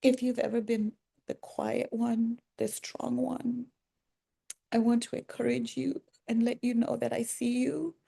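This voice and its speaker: Slow, gravelly, soft-spoken woman. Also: fairly high pitch, level tone. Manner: halting, pausing and restarting, soft-spoken and earnest. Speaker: vlogger. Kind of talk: personal reflective vlog.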